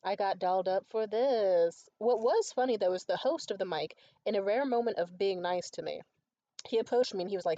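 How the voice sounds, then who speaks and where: A woman's voice: medium pitch, lively intonation, brisk, mellow, no echo. A tired young woman ranting in a casual monologue, profane, exasperated and rambling. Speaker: stand-up comedian. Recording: muffled lo-fi recording.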